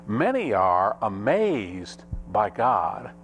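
A man preaching a sermon as pastor, with dramatic rises and drops in pitch and pace. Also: huge pitch swings, very slow, a bit bright, slight background noise.

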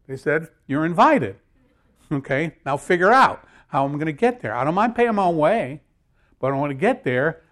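A man's voice: fairly high pitch, a bit bright. A man preaching a sermon, emphatic and repeating key phrases, joking with his listeners. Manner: repetitive, emphatic, jokes with audience.

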